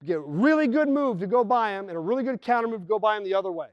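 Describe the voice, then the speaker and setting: Racing along in a high voice, a coach drives his basketball team through plays in an indoor gym, the lo-fi sound carrying no echo. He's full of energy, calling out the action and mimicking players as he explains.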